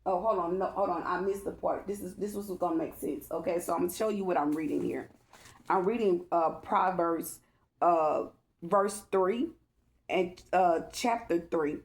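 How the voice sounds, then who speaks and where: A woman's voice: fairly low pitch, moderate pace. A woman giving a casual, rambling spiritual tarot reading, earnest and emotional, often checking in with "okay?". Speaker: tarot reader.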